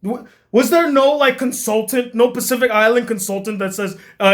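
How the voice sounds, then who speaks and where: Male critic, exasperated profane rant, breaks into shouting, comedic. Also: very high voice, moderate pace. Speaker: film critic.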